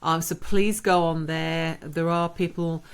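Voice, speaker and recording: A woman's voice: low voice, fairly even intonation, a little slow, smooth. A woman co-hosting a podcast, chiming in with short asides during casual chat. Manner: chatty, chimes in with short asides. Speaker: podcast co-host.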